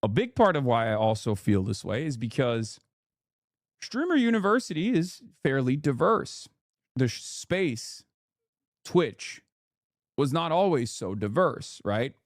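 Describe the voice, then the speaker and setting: A man's voice: mid-range voice, big pitch swings, a little slow, no room sound, studio quality. A man talking casually in a played clip, rambling and restarting sentences.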